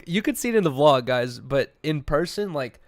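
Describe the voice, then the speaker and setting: A young man in his twenties co-hosting a podcast, talking fast and casually, full of fillers and restarts. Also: fairly high pitch, expressive, no echo. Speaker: podcast co-host. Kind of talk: casual chat. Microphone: podcast mic.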